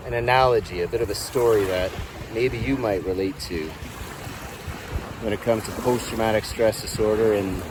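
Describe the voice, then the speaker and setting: A man telling a story in a low-key, soft-spoken way while out on a walk by a lake. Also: a little hiss or hum, rough recording. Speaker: peer support vlogger. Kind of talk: storytelling to camera. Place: outdoors by a lake.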